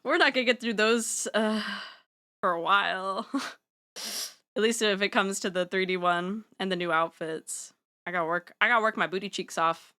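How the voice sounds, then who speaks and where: A woman's voice: medium pitch, normal speed, pushed and bright, clean tone. A young woman streaming from home, chatting casually and rambling with playful slang while she draws. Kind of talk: casual livestream chat while drawing.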